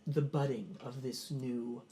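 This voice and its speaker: A man playing a smooth, ambitious nobleman who speaks formally and hesitates often. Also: medium pitch, fairly even intonation, takes it slowly, mellow, slight background noise, lightly acted. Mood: scheming.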